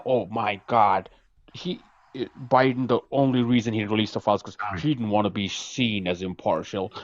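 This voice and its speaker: Brief: male caller, lively pitch, defensive and protesting, dull phone-line sound. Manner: defensive, protesting, trying to get a word in. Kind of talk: call-in political argument.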